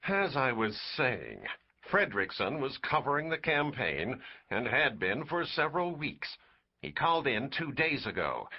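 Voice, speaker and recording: A man's voice: mid-range voice, lo-fi sound. A man voicing an impatient, peremptory big-city newspaper editor. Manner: peremptory, brusque.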